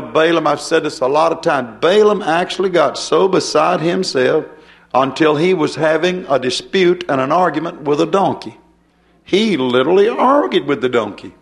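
A man's voice: fairly high pitch, gravelly. An older man preaching a folksy sermon, chuckling and turning to the congregation with asides.

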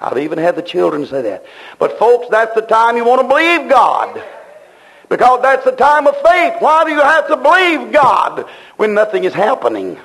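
A man's voice: extremely high pitch, very animated, moderate pace, a bit bright, low-quality recording. A man preaching a sermon, fervent and repetitive, in plain-spoken, folksy speech.

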